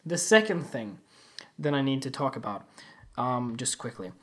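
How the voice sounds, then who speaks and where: A man hosting a podcast, telling funny everyday stories in a loose, animated and crude way, often laughing at himself. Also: medium pitch, normal speed. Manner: animated, giggly, crude, self-mocking. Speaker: podcast host. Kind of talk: casual comic storytelling.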